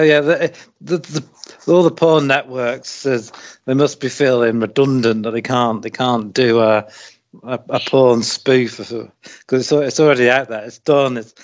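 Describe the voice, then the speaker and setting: Slow-talking British man laughing on a podcast. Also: medium pitch, fairly even intonation, lo-fi sound. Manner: laid-back, laughs a lot, British slang. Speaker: podcast co-host. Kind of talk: casual chat.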